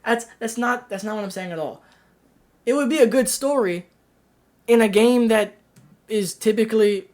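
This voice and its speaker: A game reviewer in a casual, venting rant, talking loosely with many fillers and restarts. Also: medium pitch.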